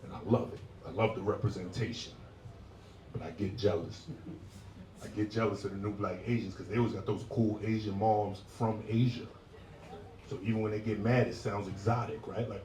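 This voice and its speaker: A man's voice: on the low side, fairly even intonation, normal speed, darkish tone. A male stand-up comedian doing a profane set with crowd work, breaking into acted voices. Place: live comedy show with passersby nearby. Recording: roomy live sound from a distant mic with audience.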